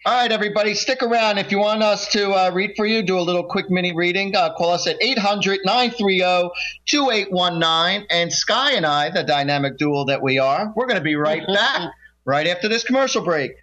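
Bright, upbeat male psychic radio host. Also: high-pitched, normal speed. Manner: encouraging, storytelling, animated quoting. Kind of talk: call-in radio chat. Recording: dull lo-fi radio sound.

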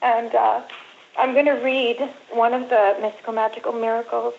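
A middle-aged woman telling a personal story as a guest and reading from her own book in a halting, earnest way. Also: fairly high pitch, flat delivery, gravelly, slight background noise. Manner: halting, earnest, pauses often. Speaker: guest, mother and author. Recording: dull lo-fi sound.

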